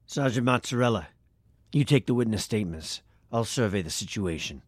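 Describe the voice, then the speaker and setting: Officer Marinara, a man as a deadpan cop. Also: on the low side, a little fast. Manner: deadpan, dutiful, hesitant. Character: earnest dim male cop, Officer Marinara. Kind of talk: comedy audio sketch.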